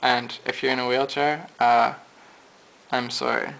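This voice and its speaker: A man teaching a casual piano lesson, talking in a relaxed, low-energy way as he thinks aloud while losing his voice. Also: measured pace, gravelly, rough recording. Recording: piano playing behind.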